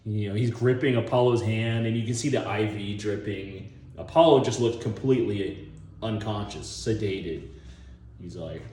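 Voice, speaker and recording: A man hosting a casual, rambling monologue. He chuckles often and acts out scenes in voices as he pitches a movie idea. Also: normal speed, warm tone, reverberant, slight background noise. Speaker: online video host.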